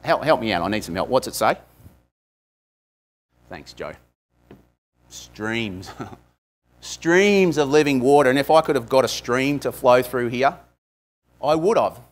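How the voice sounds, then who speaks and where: A man's voice: mid-range voice, measured pace, long pauses. A man, a pastor, giving a conversational sermon, with frequent asides to the congregation.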